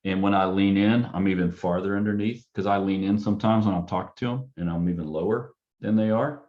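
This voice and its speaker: A man's voice: low-pitched, fairly even intonation, a little fast, dull audio. A man, a counselor, talking casually about helping parents and adults, often acting out questions he would ask them. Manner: acts out client and parent dialogue in a softer, curious tone. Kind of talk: casual panel talk.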